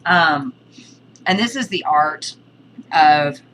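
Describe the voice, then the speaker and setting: A woman's voice: deep voice, animated, takes it slowly, fairly bright tone, slight background noise, rough recording. A woman giving a casual spoken lesson on witchcraft, hesitant, with many ums and restarts. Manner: chatty, breaks off to scold her cat. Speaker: witchcraft teacher.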